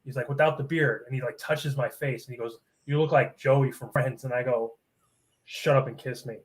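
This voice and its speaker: A man's voice: medium pitch, steady tone, a little fast. A man, a guest on a casual podcast, telling a rambling story and acting mock-offended, swearing a lot. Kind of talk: casual banter.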